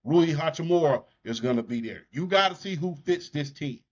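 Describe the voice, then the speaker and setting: A man's voice: on the high side, animated, moderate pace. A man with a Southern US accent talking sports on a podcast, blunt and jokey. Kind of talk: casual sports talk. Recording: muffled lo-fi audio.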